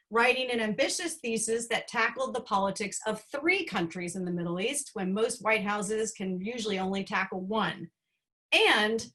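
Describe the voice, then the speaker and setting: A woman's voice: a little high, fairly bright tone. A woman presenting humorous student awards at an online graduation ceremony, with a dry, playful delivery.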